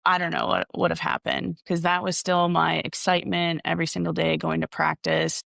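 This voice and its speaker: Young woman golf coach, gravelly voice. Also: low-pitched, fairly even intonation, brisk, a bit bright, no room sound, clean studio sound. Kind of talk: interview answers.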